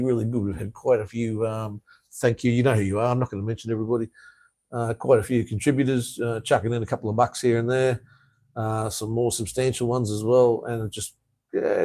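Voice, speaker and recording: A man's voice: medium pitch, dark tone. An Australian man hosting a casual live stream, chatting loosely and answering viewer comments with lots of fillers, "mate" and "hey". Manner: rambling, with frequent "uh", "mate" and "hey".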